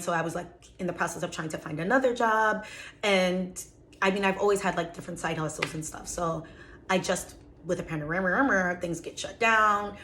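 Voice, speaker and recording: A woman with a fairly low voice tells a story from her own life in a loose, conversational way, leaning on fillers and running commentary. A faint hiss sits under the recording. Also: fairly bright tone. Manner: chatty, filler-heavy, exasperated storytelling. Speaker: vlogger. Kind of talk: casual storytelling.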